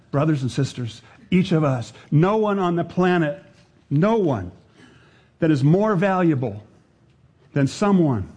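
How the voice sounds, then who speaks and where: Slow, husky-voiced male preacher. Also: a little high. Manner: slow, earnest, with pauses and dropping to quiet emphasis. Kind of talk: sermon.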